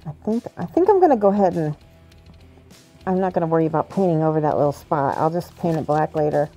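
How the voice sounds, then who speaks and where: A woman's voice: deep voice, animated, fast, dark tone, faint music behind. A woman hosting a livestream, chatting casually while she works, thinking aloud and laughing often. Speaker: livestream host painting models. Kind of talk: casual chat while working.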